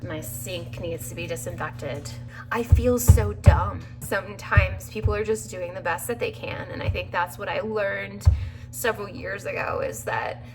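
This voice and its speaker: Speaking over music, a weary vlogger who is recovering from surgery rambles emotionally in a casual kitchen video diary at home, laughing even as she's sad. She has a medium-pitched, unhurried voice.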